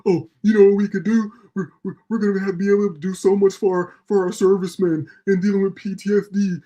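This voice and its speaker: A whiny, self-important man in a sing-song, exaggerated tone, as a man mocks him. The voice rides noticeably higher than a plain speaking voice and drips with mockery. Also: level tone, fast, warm tone, muffled recording. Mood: mocking.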